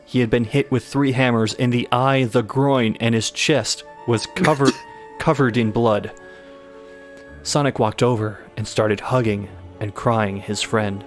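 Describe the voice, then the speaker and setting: A man's voice: mid-range voice, fairly even intonation, unhurried, soft background music. A young man hosting a comedic live reading of a bad horror story, stumbling over misspellings and cracking up.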